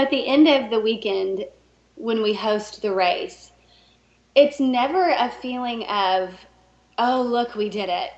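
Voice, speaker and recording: Animated woman telling a story, roomy sound. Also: on the high side. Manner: animated, laughs often, puts on voices when quoting. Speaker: podcast guest. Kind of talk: casual interview storytelling. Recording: roomy and dull, lo-fi.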